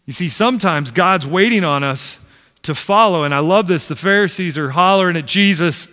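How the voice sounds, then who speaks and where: A man's voice: sits high, normal speed. A middle-aged man preaching a sermon as pastor, telling stories with humor and acting out the voices in them. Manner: animated storyteller, acts out quotes, self-deprecating humor. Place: large church sanctuary. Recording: long hall reverb.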